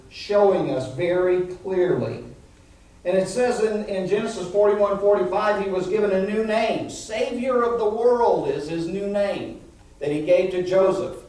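A man preaches with animated energy to a congregation, asking them to answer him. His voice sits fairly high. The recording is very echoey and catches him from a distance in a church hall. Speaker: pastor. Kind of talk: sermon. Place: church sanctuary.

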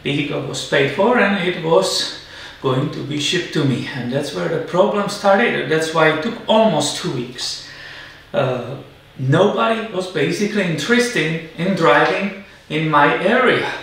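A man hosting a car repair vlog in a chatty, excited way, often tagging sentences with a question to the viewer. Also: a little high, unhurried, vocal fry. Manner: chatty, keeps asking "right?", excited. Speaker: car repair channel host. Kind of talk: casual vlog to camera. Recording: very echoey, distant mic, faint noise.

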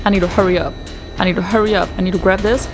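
A woman's voice: mid-range voice, fairly even intonation, very fast. A young woman commenting on her own play of a horror game, swearing often and mocking her own mistakes. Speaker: let's play streamer. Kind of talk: gaming commentary. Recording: faint game music behind.

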